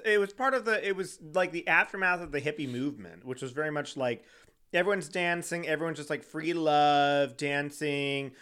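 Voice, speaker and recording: A fairly high-voiced man co-hosting a podcast, chatting casually and loosely. He giggles often and slips into little acted-out quotes. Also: fairly bright tone. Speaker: podcast co-host. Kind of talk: casual chat.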